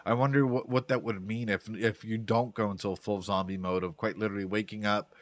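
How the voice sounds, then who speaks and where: A man's voice: on the low side, steady tone, brisk, no echo. Male streamer, chatty reaction host, stumbles and repeats himself, dry close sound. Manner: rambling, repeats words, talks to chat. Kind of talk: casual live-stream commentary.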